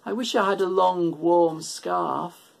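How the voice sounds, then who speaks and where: A man's voice: sits high, slow pace, gravelly, full character voice. A man voicing a sad, cold giraffe in a lifted, plaintive, sniffly voice.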